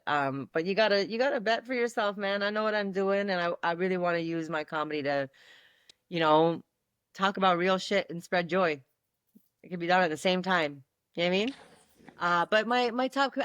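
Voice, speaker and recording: Brief: woman stand-up guest, animated storyteller, laughs a lot, dry close sound. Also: lowish voice, no echo. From Canada. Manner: animated, laughs often, acts out quotes. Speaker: guest comedian. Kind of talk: casual podcast storytelling.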